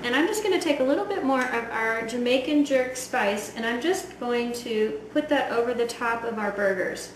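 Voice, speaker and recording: A woman's voice: on the high side, expressive, normal speed, few pauses. A woman giving a chatty, enthusiastic cooking demonstration in a home kitchen. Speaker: home cook. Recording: echoey kitchen, voice from far off, loud frying noise.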